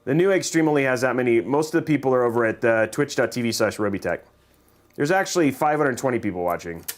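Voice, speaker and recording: Chatty, animated livestream host, a man. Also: medium pitch, fast. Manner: rambling, joking, laughs often. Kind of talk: casual livestream chat.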